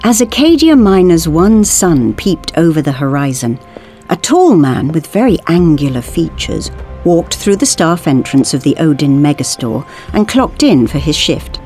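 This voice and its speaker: A woman narrating an audiobook story in an expressive way. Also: sits low, a little slow, faint music behind. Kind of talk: scripted narration.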